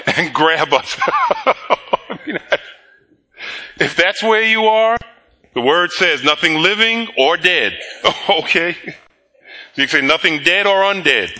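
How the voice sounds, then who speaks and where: A middle-aged male pastor delivers a sermon at a very slow, deliberate pace. His voice sits a touch high and sounds bright and forceful. He leans on repetition for emphasis and breaks into chuckling asides.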